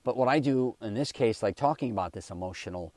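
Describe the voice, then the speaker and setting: Low-voiced man hosting a rambling podcast. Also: expressive, fast, darkish tone, no echo. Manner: casual, rambling, self-correcting. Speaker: podcast host. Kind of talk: solo podcast monologue.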